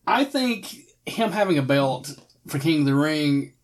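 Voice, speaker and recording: Man, casual chat, opinionated, swears, trips over words, animated pitch. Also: measured pace. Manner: profane, opinionated, stumbling restarts.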